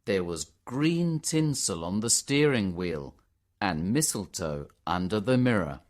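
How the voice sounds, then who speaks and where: Guy reading a learner story, slow, clear, lots of pitch movement. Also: big pitch swings. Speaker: narrator. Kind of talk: scripted narration for learners.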